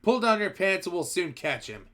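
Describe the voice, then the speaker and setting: Rowdy male cooks bark mocking jeers at a coworker, as a man reading a storybook aloud puts them on. The voice sits a little above the reader's normal pitch and is pushed out loud. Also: big pitch swings, moderate pace, full character voice. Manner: mocking shouting. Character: jeering adult male kitchen cooks.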